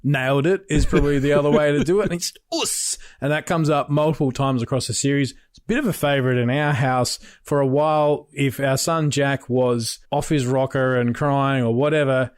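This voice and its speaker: Relaxed Australian dad explaining. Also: male voice, medium pitch, fairly quick, hardly any pauses, clear, resonant tone, dry recording, studio quality. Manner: explains things patiently, relaxed. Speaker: podcast co-host. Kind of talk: casual chat.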